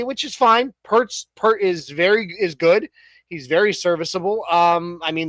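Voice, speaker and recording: A man's voice: high-pitched, fairly bright tone, no echo, rough recording. A man in his thirties co-hosting a casual sports talk show, rambling with many restarts and fillers and cracking jokes. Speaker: podcast co-host.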